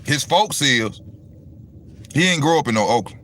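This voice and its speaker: A man's voice: medium pitch, lively intonation, normal speed, fairly bright tone, a little hiss or hum. A man hosting a casual boxing talk stream, rambling and swearing as he talks straight to his viewers. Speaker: boxing commentary host. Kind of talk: casual livestream rant.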